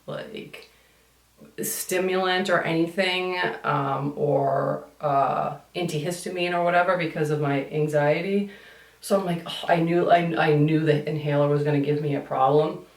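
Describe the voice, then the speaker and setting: A woman chatting while doing her makeup in a get-ready-with-me vlog, rambling and complaining, swearing casually. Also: deep voice. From United States. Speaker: beauty vlogger. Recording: echoey room, somewhat far from mic.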